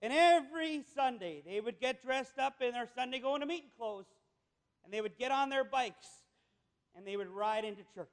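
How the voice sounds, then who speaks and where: A male preacher with a very high voice, delivering a sermon in an emphatic storytelling manner. He builds his points through repetition. A long reverb trails each phrase, as if he is in a big hall. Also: normal speed, smooth.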